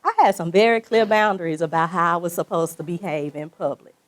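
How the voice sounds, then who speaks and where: A woman's voice: on the low side, a little fast. A woman from Mississippi presenting an interactive workshop in a conference breakout room, telling stories and laughing with the group. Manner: animated, laughing, storytelling.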